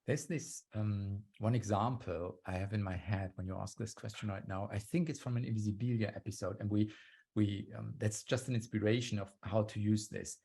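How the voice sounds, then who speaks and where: Guy on a zoom call talking about storytelling, gravelly and a bit husky, acts out little quotes. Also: lowish voice, steady tone, normal speed, dark tone. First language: German. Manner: explanatory, acts out quoted lines. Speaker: guest speaker on storytelling. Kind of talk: conference talk over video call. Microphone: video call.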